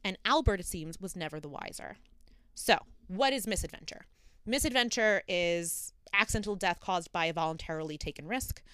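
A woman's voice: on the low side, normal speed, fairly bright tone, clean tone, dry recording. Chatty woman narrating true crime. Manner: chatty storytelling with frequent fillers. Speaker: podcast host.

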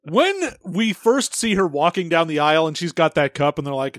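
A man's voice: on the high side, brisk, no room sound, studio quality. A man co-hosting a casual podcast, recapping a movie in a wry, playful way. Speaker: podcast co-host.

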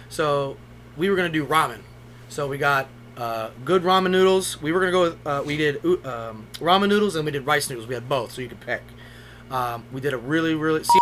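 Young guy rambling on a podcast, swears a lot, bright voice, a little faint hiss. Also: on the high side. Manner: loose, profane storytelling with laughs. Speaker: podcast co-host. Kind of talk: casual chat.

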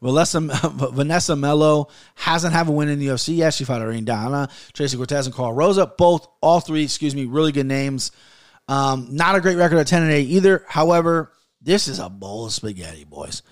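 A man's voice: fairly high pitch, brisk, clean tone. A man in his thirties hosting a casual podcast, ranting with plenty of swearing and then giving fight betting picks. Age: 30s. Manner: heated, profane, rambling.

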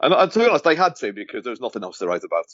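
Fast-talking man telling football anecdotes. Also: mid-range voice, big pitch swings, a bit bright, lo-fi sound, a little hiss or hum. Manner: rambling storyteller with many restarts. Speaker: podcast co-host, former football journalist. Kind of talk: casual chat, anecdote telling.

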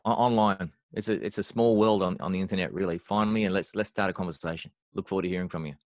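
Animated low-voiced man, dry sound. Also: quick pace, no room sound. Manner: animated, emphatic, repeats words when starting phrases. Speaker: worship leader mentor and podcast guest. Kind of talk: conversational interview.

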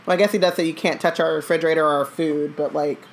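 A woman's voice: sits low, steady tone, quick pace. A young woman co-hosting a casual podcast, teasing and sassy with slangy interjections. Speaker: podcast co-host. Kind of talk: casual banter.

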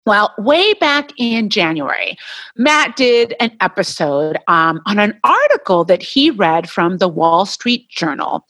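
A woman co-hosts a podcast but talks solo here, casual and chatty in a mid-range, unhurried voice. She's animated, sometimes getting heated and laughing at points. There's no room sound on the recording.

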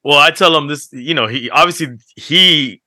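Bright-voiced animated dad on a podcast. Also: male voice, fairly high pitch, normal speed, no echo, clean studio sound. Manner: animated, laughs while telling stories. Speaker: podcast co-host. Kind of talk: casual chat, storytelling.

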